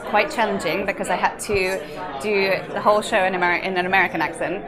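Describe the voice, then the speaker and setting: A woman's voice: medium pitch, steady tone, quick pace, crowd noise. A young British woman, a musical theatre actress, chatting in an interview in a bubbly way and laughing often. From England. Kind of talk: casual interview chat.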